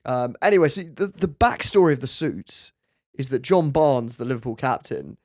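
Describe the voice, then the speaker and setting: A man hosting a podcast, telling a story in a relaxed, chatty way with laughing asides. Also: medium pitch, normal speed, no room sound, studio quality. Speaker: podcast host. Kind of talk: casual storytelling chat.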